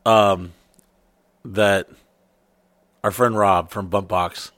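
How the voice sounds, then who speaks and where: A middle-aged man co-hosting a casual chat, telling rambling, profane stories with animated asides. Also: fairly low pitch, drawn-out words, dry recording, studio quality. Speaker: podcast co-host.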